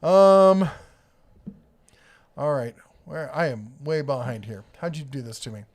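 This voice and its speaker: A man's voice: a little high, animated, a little slow. A middle-aged man co-hosting a casual livestream from home, telling family stories and reading viewer comments with frequent chuckles. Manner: storytelling, chuckles often. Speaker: livestream co-host.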